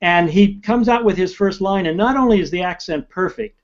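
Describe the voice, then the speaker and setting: Talkative author guy, fairly high voice, storytelling, muffled lo-fi recording. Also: brisk. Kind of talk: casual interview chat.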